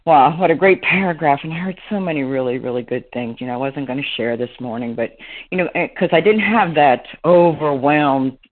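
A woman with a slightly husky voice shares her story on a recovery meeting call. She rambles warmly, leaning on "you know" as she goes. The sound is narrow and tinny, as if coming through a telephone line. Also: low-pitched, fairly quick. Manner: rambling, heartfelt, heavy on fillers. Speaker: meeting member sharing. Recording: phone-line audio.

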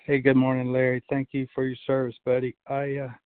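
Man, flat halting recovery share, tinny phone-like line. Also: mid-range voice, noisy background. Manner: halting, many fillers and restarts. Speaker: meeting member sharing. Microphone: video call. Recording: tinny phone-like call audio.

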